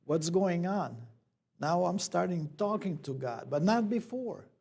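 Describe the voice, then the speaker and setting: A man's voice: high-pitched, expressive, slow pace, gravelly, a little mellow, slightly rough. A man, a church elder, telling a personal story in a plain conversational sermon, acting out the dialogue.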